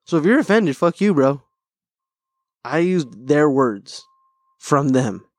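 A man's voice: on the high side, sing-song, slow pace, no room sound, studio quality. Profane, rambling male podcast host. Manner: rambling, profane, self-deprecating. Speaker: podcast host and stand-up comic. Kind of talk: casual solo podcast chat.

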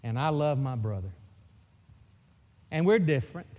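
Speaking at normal speed in a mid-range, dark, expressive voice, a middle-aged preacher from Mississippi tells jokes and folksy stories in his sermon. He has a Mississippi Southern accent, and his words echo with the long reverb of a church hall.

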